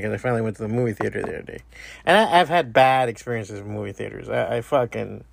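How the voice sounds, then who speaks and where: A man's voice: medium pitch, vocal fry, no echo. A man hosting a podcast, telling a rambling, profane story in a casual monologue. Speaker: podcast host.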